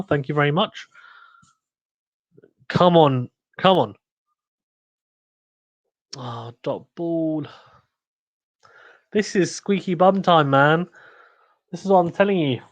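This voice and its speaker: A young man hosting a cricket watchalong livestream, reacting excitedly, groaning and pleading with each ball. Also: a little high, dull audio. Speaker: livestream host.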